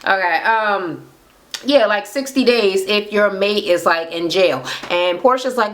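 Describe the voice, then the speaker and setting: A woman's voice: medium pitch, measured pace, a bit bright. A young woman casually recapping a reality show, sassy and profane, tossing in mocking voices of the cast. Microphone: camera mic.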